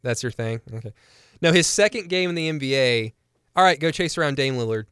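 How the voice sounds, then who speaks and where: Smooth-voiced man talking sports. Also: medium pitch, expressive, brisk, a bit bright, no room sound, studio quality. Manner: chatty and analytical, laughs easily. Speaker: sports podcast co-host. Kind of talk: casual sports talk.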